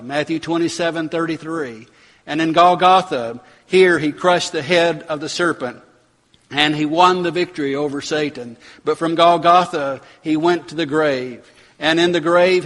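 A man preaching a sermon, building to dramatic emphatic bursts and slowing on key words. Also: a little high, a bit bright. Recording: long hall reverb.

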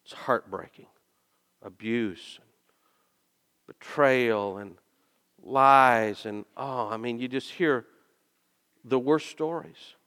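A male pastor preaching a sermon and telling stories, dropping soft and then rising into loud, emphatic bursts. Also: mid-range voice, slow, pauses often, clean tone. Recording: long reverb of a large hall.

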